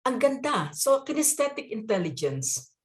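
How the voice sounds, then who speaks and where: A woman's voice: a little high, very animated, normal speed. A woman with a Filipino accent giving a chatty, conversational webinar lecture on teaching literature, often ending lines with tag questions.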